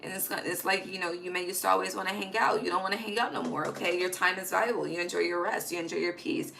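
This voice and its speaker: A woman's voice: lowish voice, fairly even intonation, quick pace, gravelly, a bit bright, a little hiss or hum, rough recording. A woman giving a casual, emphatic tarot reading, swearing freely and dropping slangy asides. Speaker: tarot reader. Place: home at night.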